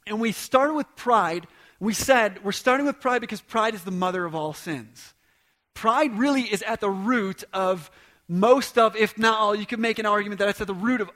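High-voiced man preaching conversationally. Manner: conversational, emphatic preaching with quiet asides. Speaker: pastor. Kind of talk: sermon.

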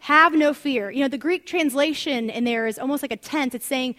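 A woman teaching from the Bible in an animated, conversational sermon full of asides. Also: sits high, brisk, hardly any pauses. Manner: animated, chatty storytelling with asides.

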